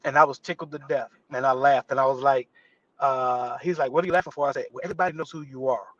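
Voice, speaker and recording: Guesting on a live interview show, a male actor recounts a story at a quick pace, animatedly voicing its characters with shifts in tone. His pitch is medium, and the dull audio carries no echo.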